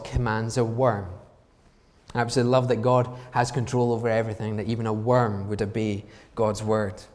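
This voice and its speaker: A man's voice: medium pitch, darkish tone. A man preaching a sermon in an emphatic way, asking the congregation rhetorical questions. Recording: long reverb from a large hall.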